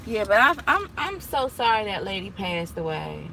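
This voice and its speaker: A woman's voice: medium pitch, very animated, normal speed, gravelly, bright, forceful tone. A young woman and property manager chatting casually to her viewers, telling stories with frequent laughter, from a parked car on her phone. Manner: chatty, storytelling, laughs often. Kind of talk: casual live chat to viewers. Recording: street noise from outside the car.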